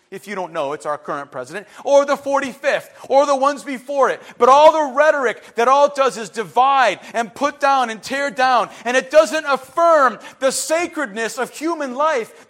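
A man, preaching an impassioned sermon that builds to shouting. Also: very high voice. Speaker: pastor.

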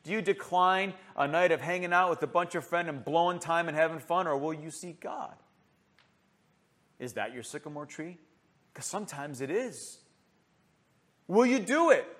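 Male preacher, high voice, sermon delivery, passionate, many rhetorical questions, shifts from loud to hushed. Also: expressive, normal speed, long pauses.

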